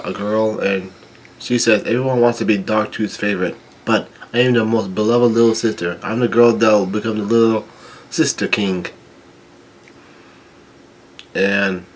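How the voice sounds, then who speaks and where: A man reading a comic chapter aloud, stumbling, restarting words and filling pauses with ums. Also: lowish voice, a little hiss or hum. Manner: halting, with frequent restarts and ums. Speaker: manga chapter reader.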